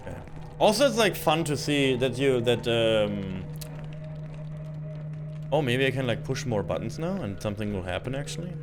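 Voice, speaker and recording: A man's voice: medium pitch, normal speed, long pauses, over music. A man giving casual live-stream gaming commentary, rambling with lots of fillers. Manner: rambling, filler-heavy, animated.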